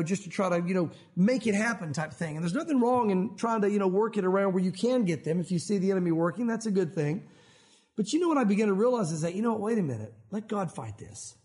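A middle-aged man preaching a sermon, telling stories and acting out the people he quotes. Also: sits high. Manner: animated storytelling, acting out quoted voices. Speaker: pastor.

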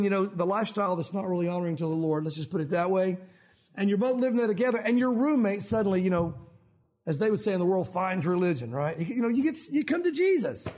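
A middle-aged man preaching a sermon, telling stories and acting out the people he quotes. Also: high voice. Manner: animated storytelling, acting out quoted voices. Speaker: pastor.

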